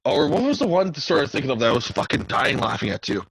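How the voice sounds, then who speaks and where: A man's voice: medium pitch, wildly swooping pitch, fast, fairly bright tone, slight background noise. A man hosting a casual chat, eagerly prompting his guest with questions and swearing freely. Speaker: host.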